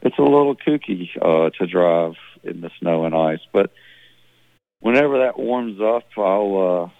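A man from Mississippi, telling rambling, relaxed stories in a phone interview. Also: low-pitched, a little slow, gravelly, dry recording. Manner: rambling, relaxed, with many restarts. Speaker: musician guest. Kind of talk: phone interview, casual storytelling. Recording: dry, tinny phone line.

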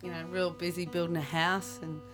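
A woman's voice: on the low side, level tone, fairly quick, music in the background. A woman, a touring musician, chatting easily on a radio interview and laughing often. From Australia.

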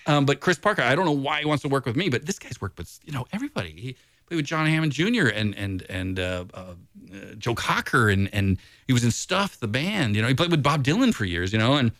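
A man's voice: medium pitch, sing-song, quick pace, fairly bright tone, dry recording. A man, a blues musician, chatting casually in an interview and rambling in a laid-back way with lots of filler. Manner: rambling and laid-back, heavy on "you know" and "dude".

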